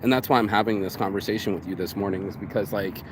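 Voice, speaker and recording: A man's voice: on the low side, fast talker, noisy background. A man vlogging outdoors in a rambling, profane casual monologue, calling the listener "bro". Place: outdoors in public.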